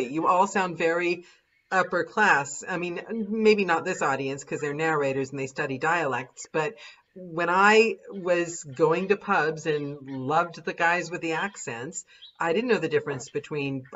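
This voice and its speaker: A woman's voice: low voice, a bit bright, muffled recording. An American woman hosting the show, chatting eagerly and laughing often. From United States. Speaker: host. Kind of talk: casual chat.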